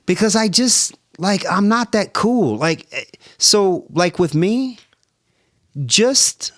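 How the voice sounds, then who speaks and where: A man, a former football player appearing as a podcast guest, telling stories in a relaxed conversation. He acts out both sides of his phone calls and keeps saying "like" and starting over. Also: high voice, takes it slowly, no room sound, studio quality. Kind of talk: animated storytelling in conversation.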